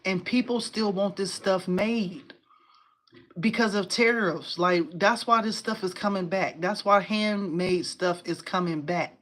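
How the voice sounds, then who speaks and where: A woman hosting a casual crafting live stream from home. She talks in an excitable, chatty way, says "y'all" a lot, and answers viewers' comments aloud. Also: medium pitch. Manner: uses y'all and informal phrasing.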